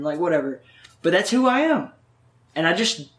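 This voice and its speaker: A man in casual conversation, telling stories in a profane, animated way full of filler words. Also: on the high side, normal speed. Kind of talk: casual chat.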